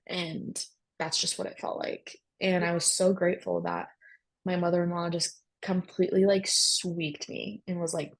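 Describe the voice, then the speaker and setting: Young woman guest, low and husky with some fry, candid and casual, lots of fillers. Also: little pitch movement, normal speed, rough recording. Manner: candid, talks in bursts with many fillers. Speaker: guest sharing her story. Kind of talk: casual personal storytelling.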